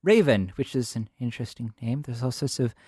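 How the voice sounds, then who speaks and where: A man co-hosting a casual review podcast, talking in a playful, animated way. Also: mid-range voice, brisk, slightly rough, dry recording, clean studio sound. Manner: animated, playful, slips into mock voices. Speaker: podcast co-host. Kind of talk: casual anime review chat.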